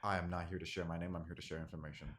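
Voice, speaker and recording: Guy doing a hooded cat-man informant, low and guarded, deep voice, measured. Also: little pitch movement, a bit bright. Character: secretive male black-furred cat-folk informant.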